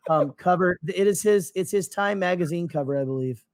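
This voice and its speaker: A man's voice: high-pitched, brisk, a little hiss or hum. A man co-hosting a podcast in casual chat, rambling off on tangents with lots of fillers. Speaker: podcast co-host.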